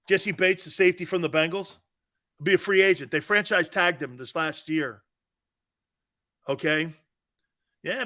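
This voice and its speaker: A man's voice: high voice, sharp tone. A man hosting a sports talk radio show, brash and emphatic, arguing his points in slangy banter full of "man" and "dude". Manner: argumentative, laughing off callers' views.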